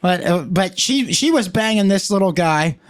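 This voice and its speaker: A man co-hosts a casual podcast in a fairly high voice. He rambles in crude, profane bursts. He breaks into stories and acts out the quotes. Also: normal speed. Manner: profane, rambling, animated storytelling with acted-out quotes. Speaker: podcast co-host.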